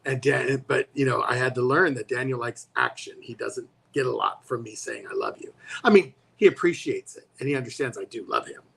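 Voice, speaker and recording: Gravelly-voiced man chatting casually. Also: mid-range voice, brisk, few pauses, a bit bright. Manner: chatty, rambling with many restarts. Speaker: co-host. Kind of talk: casual chat.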